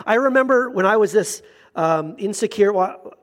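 A man with a high, light voice preaches a sermon in a relaxed, conversational way. He's a middle-aged pastor who slips into other people's voices to act out what they say. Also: normal speed.

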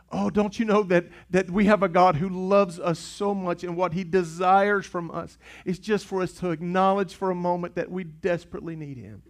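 A man's voice: sits high, steady tone, normal speed, few pauses. A man preaching a sermon as pastor, impassioned and urgent, often repeating himself for emphasis. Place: church sanctuary.

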